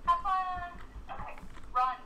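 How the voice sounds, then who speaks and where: A woman's voice: very high voice, takes it slowly, sharp tone, a little hiss or hum, rough recording. A woman teasing and joking with a friend while playing a video game. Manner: teasing, jokey. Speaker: gamer co-host. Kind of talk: casual gameplay chat.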